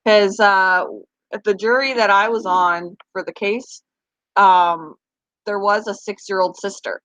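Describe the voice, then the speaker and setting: Casting note: young woman at mid pitch, chatty live-stream host answering comments, dry close sound. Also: steady tone, measured pace, a bit bright, no room sound. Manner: chatty, talks back to viewers' comments. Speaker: pet channel host. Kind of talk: casual live-stream chat.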